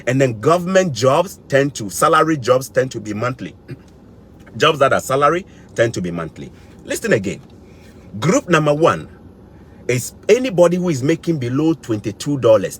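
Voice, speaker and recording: A man from West Africa who lives in Canada lectures his vlog audience directly, stressing and repeating his points. His mid-range voice is fairly bright and sing-song, his pace is moderate, and there's faint background noise.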